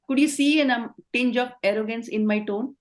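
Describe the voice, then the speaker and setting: A woman's voice: a little high, moderate pace. A middle-aged woman with an Indian accent, leading an online training session, explaining and affirming answers. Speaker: communication trainer.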